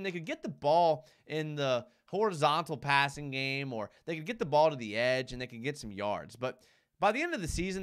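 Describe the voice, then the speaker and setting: A man's voice: fairly high pitch, a bit bright. A man hosting a live sports talk show, arguing emphatically with rhetorical questions and repeated points, and reading out viewer comments. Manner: reads viewer comments aloud.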